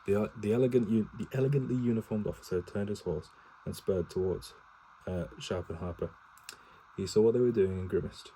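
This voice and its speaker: A man's voice: fairly low pitch, brisk, dark tone, a little hiss or hum, poor audio. A man reading a war novel aloud for his partner in a casual home read-aloud, stumbling and correcting himself, with swearing asides and no character voices.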